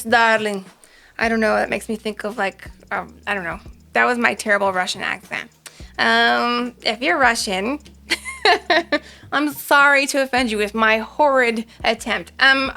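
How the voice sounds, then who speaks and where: Woman, tarot reader, casual pick-a-card reading, slightly high voice, rambling with ums. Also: creaky, bright, forceful tone. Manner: chatty and rambling, with frequent ums.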